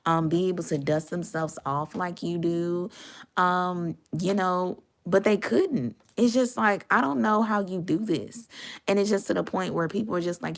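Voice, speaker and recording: A woman's voice: on the low side, normal speed. A woman giving a casual, sassy tarot reading to her viewers, chatty and full of slang. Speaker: tarot reader.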